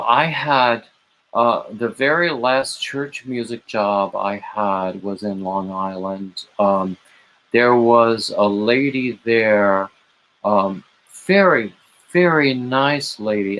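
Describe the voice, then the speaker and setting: Slow-talking man chatting on a late-night livestream. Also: on the low side, a little hiss or hum, poor audio. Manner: rambling, warm greetings to chat viewers by name; gushing, emotional asides. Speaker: livestream host.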